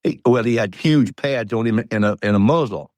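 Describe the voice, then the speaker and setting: A man's voice: medium pitch, normal speed, no echo. A man in his eighties from Georgia with a Southern accent, telling folksy, rambling stories as a guest in an interview. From Georgia, USA. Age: 80s. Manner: folksy rambling storyteller, chuckles. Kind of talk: storytelling interview.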